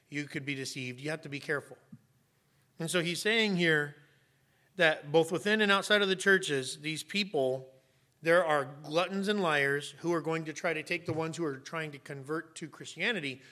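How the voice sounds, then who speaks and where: A middle-aged man preaching a sermon as a pastor, emphatic and sometimes rising to sharp raised shouts. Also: a little high.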